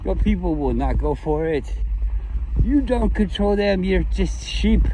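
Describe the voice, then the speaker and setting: A man's voice: high voice, measured pace, warm tone, voice pushed up, poor audio. Man putting on a sneering, haughty official. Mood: scornful. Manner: mocking, haughty put-on voice. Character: sneering, contemptuous male official scolding the public. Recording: outdoor noise behind the voice.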